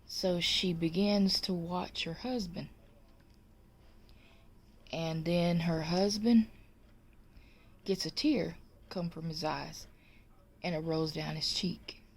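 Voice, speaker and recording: Woman storyteller, low and unhurried, jokes to camera. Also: steady tone. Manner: slow, drawn-out delivery. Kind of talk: telling a joke to camera.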